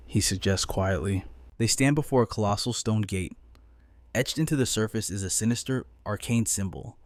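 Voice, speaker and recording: Low-voiced male story narrator. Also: level tone, moderate pace, dry recording. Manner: urgent, dramatic storytelling. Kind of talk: dramatic comic recap narration.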